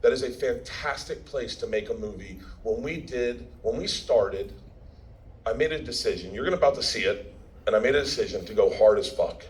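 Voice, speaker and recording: A man's voice: mid-range voice, fairly quick, poor audio. A man giving a speech at a premiere, telling a story in a brash, profane, laughing way and acting out the quotes. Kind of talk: stand-up style storytelling speech.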